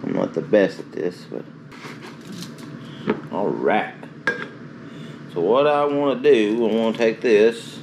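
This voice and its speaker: A man's voice: on the low side, lively intonation, slow, pauses often, noisy background. A man chatting casually to himself and viewers as he cooks. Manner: chatty, rambling, self-talk while cooking. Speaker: cooking ASMR host. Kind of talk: casual cooking chat.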